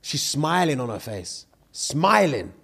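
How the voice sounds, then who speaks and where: A man's voice: medium pitch, very animated, gravelly, fairly bright tone, breathy edge. A man co-hosting a podcast, telling a story and teasing with slang. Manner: drawn-out, teasing delivery with slang. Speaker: podcast co-host. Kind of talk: comedic banter and improvised role-play.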